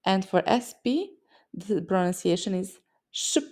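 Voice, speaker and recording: A woman's voice: mid-range voice, expressive, measured pace, a little mellow. A woman from a Serbian-speaking region teaching pronunciation in a scripted lesson, explaining sounds with vivid mental images. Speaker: language teacher.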